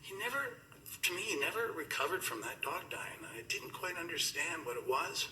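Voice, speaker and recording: Middle-aged man, eulogy at a funeral, very bright slightly raised voice, rambling and emotional. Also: a little high, very animated, normal speed, a little hiss or hum, low-quality recording. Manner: rambling and emotional, laughing through stories. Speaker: friend giving a eulogy. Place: funeral gathering indoors.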